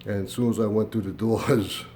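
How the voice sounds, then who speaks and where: An older man with a fairly low voice talks to his camera at home, rambling through a story with plenty of "uh"s and "um"s. He acts out both sides of a conversation, and a faint hum sits under the recording. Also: normal speed. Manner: meandering storytelling with fillers, voice rising into animated retelling. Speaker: YouTube channel host. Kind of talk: casual rambling monologue to camera.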